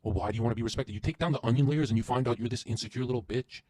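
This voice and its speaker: A man guesting on a podcast, delivering an intense, profane motivational rant that swings from loud to hushed. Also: mid-range voice, racing, no echo.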